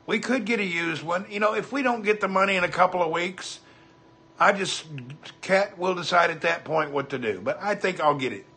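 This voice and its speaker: A man's voice: high-pitched, expressive, moderate pace, bright, forceful tone, slightly rough. A man with a Southern US accent, chatting casually on a livestream, reading viewer comments and greeting people by name in a folksy way. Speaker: livestream host.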